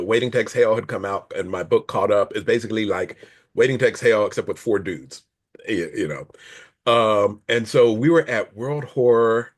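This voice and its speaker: A middle-aged man with a fairly low voice, talking casually as an interview guest. He rambles and corrects himself mid-sentence, and chuckles through his anecdotes. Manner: rambling, self-correcting, laughs while telling stories. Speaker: author guest.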